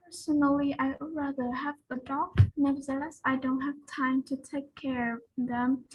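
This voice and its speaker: A woman's voice: sits high, little pitch movement, normal speed, low-quality recording. A woman student answering a speaking test question with careful, formal phrasing.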